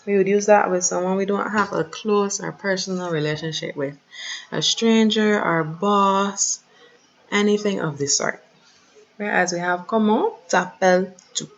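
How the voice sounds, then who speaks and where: A woman teaching a French lesson online, carefully pronouncing each phrase slowly for her students. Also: mid-range voice, fairly even intonation, highs cut off.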